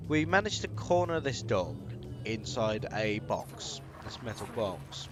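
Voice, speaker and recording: A man's voice: mid-range voice, expressive, a little slow, music in the background. A British man streaming a game, telling a long, rambling story in a chatty way, with lots of fillers and little chuckles. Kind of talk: casual storytelling while gaming.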